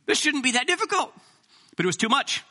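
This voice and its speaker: A middle-aged man preaching a sermon as pastor, animated and joking with the congregation. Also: very high voice, a little fast.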